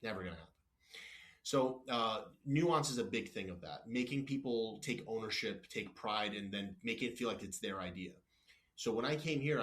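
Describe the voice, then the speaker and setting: A man with a lowish, somewhat bright voice is guesting on a casual podcast as a company executive. He tells workplace stories bluntly, acts out dialogue between people, and keeps restarting, apologizing and getting sidetracked.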